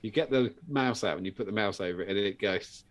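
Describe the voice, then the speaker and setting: A British man hosting a live vape show, chatting casually and telling sweary, lively stories and acting out the people in them. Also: fairly low pitch, fast talker. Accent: British English. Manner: sweary storytelling, acting out other people's voices. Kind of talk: casual chat.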